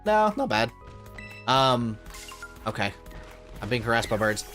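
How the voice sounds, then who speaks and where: A man chatting casually on a game stream, thinking aloud with lots of fillers and letting his phrases trail off quietly. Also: mid-range voice, very animated, a little slow, faint music behind. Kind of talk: casual gaming livestream chat.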